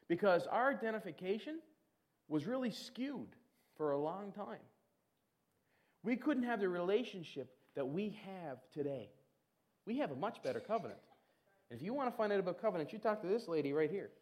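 A middle-aged man preaching a sermon, animated, who acts out prayers in a whiny voice. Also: high-pitched.

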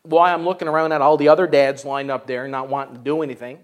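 High-voiced man preaching a folksy sermon. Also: flat delivery, quick pace. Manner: chatty and exclaiming, leans on "you know". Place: church service.

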